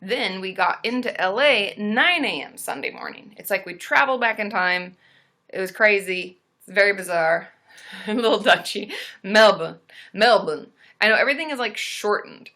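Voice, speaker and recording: Chatty woman host, bright forward tone, bubbly, fillers throughout, casual live-stream chat. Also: mid-range voice, expressive, normal speed. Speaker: therapist hosting a live stream.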